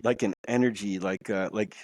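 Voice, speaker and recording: A man's voice: lowish voice, fairly even intonation, normal speed, darkish tone, dry recording. A man telling a personal story as a podcast guest, rambling and repeating words as he goes. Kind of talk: casual storytelling. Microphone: podcast mic.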